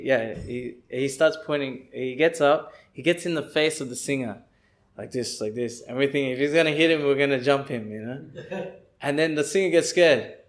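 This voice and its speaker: Male lecturer, slightly high voice, animated storytelling, acts out people in the story. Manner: animated, acts out people he describes and sings chants.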